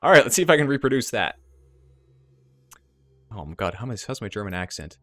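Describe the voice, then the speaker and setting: A man's voice: mid-range voice, very animated, brisk, pauses often, a bit bright, no echo. A man playing through a game and voicing its text, with wry, joking asides. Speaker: let's play narrator. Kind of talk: voiced game playthrough.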